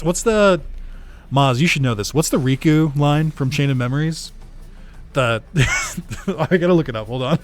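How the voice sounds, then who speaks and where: A young man doing casual let's play commentary, excitable, laughing often and swearing freely. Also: medium pitch.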